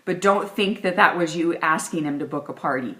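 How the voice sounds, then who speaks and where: A woman's voice: low voice, brisk, bright, forceful tone. A woman leading a sales training session, talking in a direct, upbeat coaching manner. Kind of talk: training video talk.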